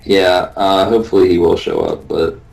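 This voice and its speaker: A man chatting casually, halting and hesitant, with many restarts. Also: low voice, little pitch movement, vocal fry, a little mellow, poor audio. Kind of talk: casual chat.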